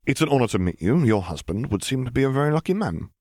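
A man's voice: medium pitch, very animated, quick pace, a little mellow, no room sound, clean studio sound, voice pushed up. A man reading a story, voicing a formal, dogged admiral in his sixties who speaks with stiff politeness. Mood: polite. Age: 60s.

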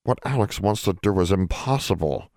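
A small timid house elf with a creaky, low voice and clumsy grammar, as a male narrator puts him on. He sounds mournful and worried, close and dry. The storybook delivery keeps him soft-edged and sorrowful. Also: lively intonation, normal speed, no echo. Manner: simple ungrammatical speech, mournful.

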